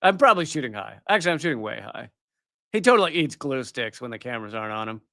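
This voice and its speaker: A man's voice: medium pitch, very animated, quick pace, pushed and bright, no room sound, studio quality. A middle-aged man hosting a live political commentary show, ranting in a heated, sarcastic and mocking way. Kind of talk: live commentary rant on news clips.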